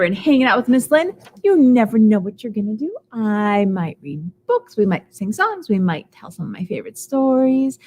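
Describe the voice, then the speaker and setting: Animated woman leading a library storytime. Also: fairly high pitch. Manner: animated sing-song, greets children by name. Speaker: children's librarian. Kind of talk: live storytime for young children.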